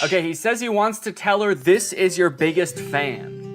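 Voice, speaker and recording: A young man doing comedic vlog commentary, excitable and jokey, talking to himself and the camera. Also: high voice, brisk, pauses often. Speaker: comedy YouTuber.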